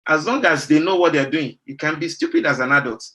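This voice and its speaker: A man's voice: a little high, animated, a little fast, sharp tone. A middle-aged man from Nigeria, a doctor presenting to pharmacists, earnest and often repeating words while searching for the next phrase. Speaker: doctor giving a talk to pharmacists. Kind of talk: professional presentation.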